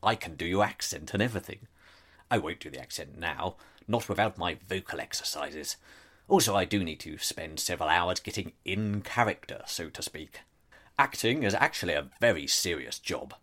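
Man, lowish voice, pompous, self-important, dry asides, scripted comic monologue. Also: animated, moderate pace, pushed and bright. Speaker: comedic narrator playing a pompous actor.

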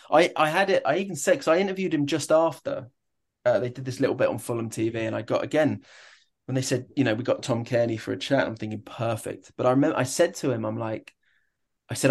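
A young adult man, a stadium announcer, chatting in an interview and telling stories with enthusiasm and many restarts. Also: mid-range voice. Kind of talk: casual interview chat.

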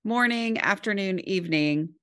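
A woman's voice: mid-range voice, normal speed, a bit bright, smooth, dry recording, studio quality. Chatty woman hosting a podcast. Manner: chatty, effusive, laughs easily. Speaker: podcast host. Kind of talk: casual chat.

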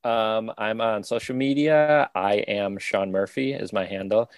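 A man's voice: on the low side, unhurried, no room sound. A man, a comedian guest on a podcast, chatting casually in a rambling, wry way. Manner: rambling, many fillers, wry. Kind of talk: casual chat.

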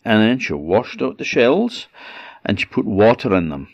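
A man with an Orkney accent tells a folk tale, measured and full of pauses. His voice is very low and gravelly. The recording is dry and dull. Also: big pitch swings, no echo. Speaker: storyteller.

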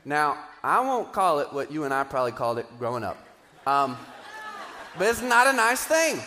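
A man, a pastor, preaching a sermon in a lively, animated way, moving between loud, emphatic bursts and quiet asides. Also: a little high, moderate pace. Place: church auditorium. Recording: long hall reverb.

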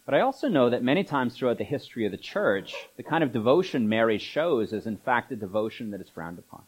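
A man's voice: medium pitch, very animated, fast, breathy edge, low-quality recording. Conversational male pastor preaching. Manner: conversational preaching with asides and filler words. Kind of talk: sermon. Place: church.

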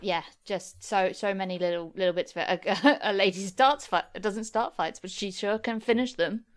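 A woman's voice: mid-range voice, normal speed. A woman co-hosting a podcast, chatting casually about a film and laughing often. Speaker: podcast co-host.

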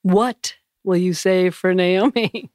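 A woman co-hosting a podcast in casual chat, playful and quick to laugh. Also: fairly low pitch, fairly even intonation, darkish tone, no echo, studio quality. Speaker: podcast co-host.

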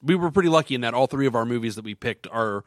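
A man's voice: medium pitch, racing, no room sound, clean studio sound. Rambling man chatting about films. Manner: rambling, animated retelling of scenes. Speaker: podcast co-host. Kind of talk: casual film chat.

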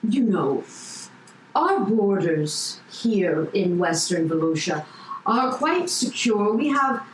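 A woman runs a tabletop game at an unhurried pace, her talk full of fillers and restarts. She sounds like she is in a roomy, echoing space with a faint background hum. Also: medium pitch, very animated. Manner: hesitant, many fillers and restarts. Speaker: dungeon master.

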